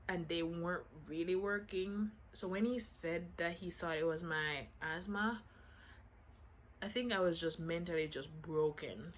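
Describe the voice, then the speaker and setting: A woman with a slightly low voice chats through a personal storytime for her viewers. She keeps slipping in little "I'm like" asides to act out the conversations, with a faint hiss under the recording. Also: fairly bright tone. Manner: chatty, acts out quotes with "I'm like" asides. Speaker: vlogger telling a story. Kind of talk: casual storytime chat.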